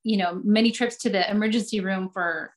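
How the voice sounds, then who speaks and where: A woman in her forties hosting an online class, talking earnestly and warmly with frequent restarts. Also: medium pitch, fairly even intonation, a little fast. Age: 40s. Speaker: host. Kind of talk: casual class chat.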